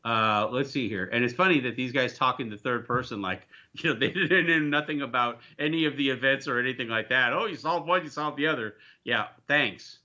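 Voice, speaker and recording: Bright, joking male livestream host. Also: mid-range voice, brisk, few pauses, dull audio. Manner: rambling, jokey, reads viewer comments aloud. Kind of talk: casual livestream chat.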